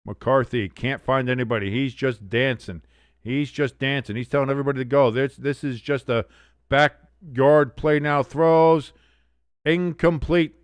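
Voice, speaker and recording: A man hosting a sports watch-along stream, giving excitable play-by-play with blunt, profane reactions. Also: mid-range voice, unhurried, no room sound. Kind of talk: casual live sports commentary.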